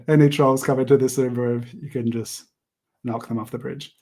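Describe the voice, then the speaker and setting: A man hosting an art livestream, chatting casually while he sketches, rambling with many pauses and small laughs. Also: medium pitch, fairly even intonation, a little mellow, slightly rough. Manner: rambling, hesitant, laughs often. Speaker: livestream host and artist.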